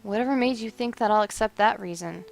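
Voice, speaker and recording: A woman voicing a calm, devoted young fiancé who speaks softly and reassuringly in a dramatic story reading. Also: quick pace, creaky, natural voice. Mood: tender. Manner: soft, calm, lower and reassuring.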